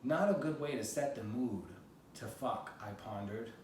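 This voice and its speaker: A man's voice: mid-range voice, unhurried, a little mellow. A man from the United States reading excerpts from his own memoir aloud in a plain first-person way. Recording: very echoey room, voice from a distance, faint noise.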